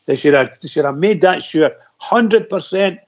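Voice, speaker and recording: A man's voice: a little high, expressive, moderate pace. A man calling in to a radio phone-in, talking in a rambling, emphatic way. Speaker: caller. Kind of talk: casual phone-in chat. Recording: muffled lo-fi phone-in audio.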